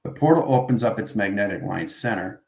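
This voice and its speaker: A man's voice: fairly low pitch, animated, a little fast, gravelly, darkish tone. A man teaching an informal spiritual class, rambling and tagging his statements with "right?" as he goes. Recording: roomy echoey room.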